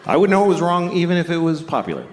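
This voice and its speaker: A middle-aged man doing a blunt, deadpan stand-up comedy set, often acting out other people's voices. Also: a little high, rapid-fire. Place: stage before a laughing audience. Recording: live stage recording with audience noise. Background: audience laughter.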